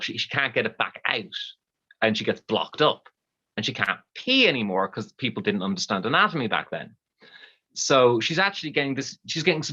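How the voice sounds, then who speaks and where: An Irish storyteller telling a bawdy comic tale live, lively and conversational. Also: mid-range voice, dull audio.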